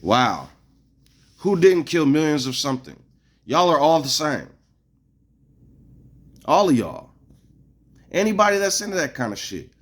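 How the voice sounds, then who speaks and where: A man vlogs an angry, profane rant to his viewers, rambling and restarting sentences as he goes, in a casual monologue. His voice sits on the high side, sing-song and a bit bright, a little slow with frequent pauses.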